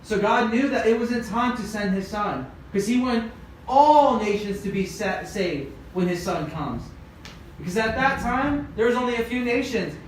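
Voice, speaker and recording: Echoey, high-voiced young preacher man. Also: lively intonation, normal speed. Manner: conversational, retelling scripture with filler words. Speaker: youth group preacher. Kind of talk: casual youth sermon. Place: church youth group room. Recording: very echoey room, distant mic, faint noise.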